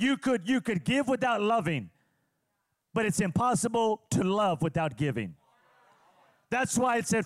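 A pastor from California preaching a sermon, animated, teasing the congregation and calling on them for responses. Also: male voice, high voice, dry recording, studio quality. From California, USA. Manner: animated preacher who teases and calls on the congregation.

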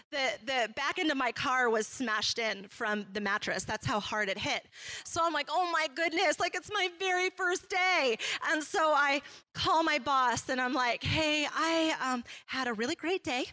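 A woman pastor in middle age preaches a sermon with a bright, ringing tone. Her voice sits high, and she tells her story in a lively, animated way, playing out every quote.

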